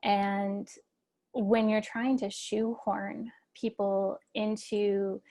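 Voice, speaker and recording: A woman's voice: medium pitch, little pitch movement, extremely slow, mellow. A woman giving an interview, earnestly and steadily retelling a distressing personal experience.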